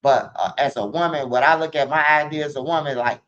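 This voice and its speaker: A man's voice: a little high, fairly even intonation, fairly quick, a bit bright. A man talking casually to the camera in a rambling, profane street manner, recorded with dull lo-fi sound.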